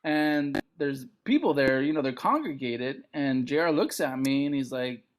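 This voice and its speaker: A middle-aged man from Montana, a comedian guest telling a story on a podcast, acting out other people's lines. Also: normal speed. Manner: animated, acts out other people's lines with big pitch jumps.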